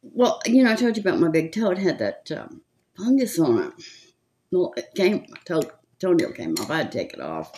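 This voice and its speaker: This makeup vlogger, an older Californian woman with a Southern accent, gossips and chats casually as she applies her makeup. She speaks fairly quickly in a lowish, slightly mellow voice with big pitch swings, rambling and laughing often.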